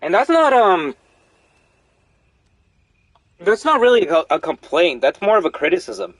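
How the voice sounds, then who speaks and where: A young man streaming a horror game, rambling casually to chat with animated, profane commentary. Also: high voice, a little slow, dry recording. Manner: rambling, animated, swears freely. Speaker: gaming streamer.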